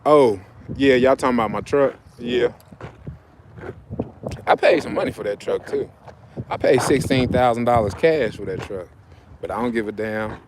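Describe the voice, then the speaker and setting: A man's voice: medium pitch, normal speed, pauses often, background noise. A man chatting loosely on a livestream, rambling and repeating himself, outdoors by his vehicles on a phone. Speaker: livestream host. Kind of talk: casual livestream chat.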